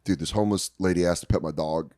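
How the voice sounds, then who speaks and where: A man's voice: low voice, steady tone, fast, dark tone, dry recording, clean studio sound. Loose, laughing male podcast co-host. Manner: laughing, loose, slips into mocking voices. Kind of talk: casual chat.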